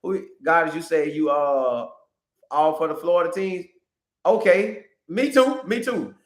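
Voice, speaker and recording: A man hosting a casual live stream, talking straight to his viewers in an animated, repetitive way. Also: a little high, measured pace, reverberant. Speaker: podcast host reading live chat.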